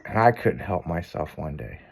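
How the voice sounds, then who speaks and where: A man's voice: extremely low pitch, big pitch swings, moderate pace, creaky, darkish tone, breathy edge. A man hosting a radio show, telling rambling, profane stories in a casual on-air chat. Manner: rambling, profane, self-amused anecdotes.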